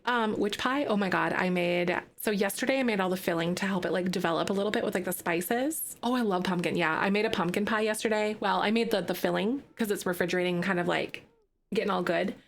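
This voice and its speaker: Chatty woman streamer, excitable. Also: medium pitch, fast talker, gravelly. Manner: chatty, lots of fillers, excitable bursts. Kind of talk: casual live-stream chat.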